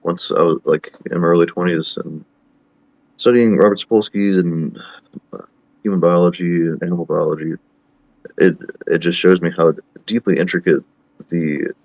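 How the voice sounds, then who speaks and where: A man's voice: low voice, steady tone, normal speed, a little mellow, no room sound, dull audio. A man in his thirties hosting a casual online chat, thinking aloud in a rambling, thoughtful way. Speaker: host.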